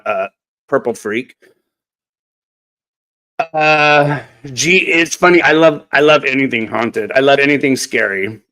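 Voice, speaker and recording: A man's voice: mid-range voice, fairly bright tone, low-quality recording. A man hosting a casual craft live stream, chatty and repeating words as he talks. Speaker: craft channel host.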